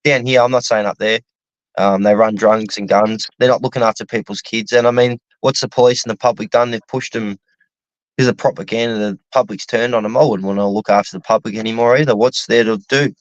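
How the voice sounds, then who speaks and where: A man's voice: fairly low pitch, steady tone, fairly quick, dry recording. A man with an Australian accent in casual chat, opinionated and profane, rambling along with "mate" and "man". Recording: slightly muffled, dull recording.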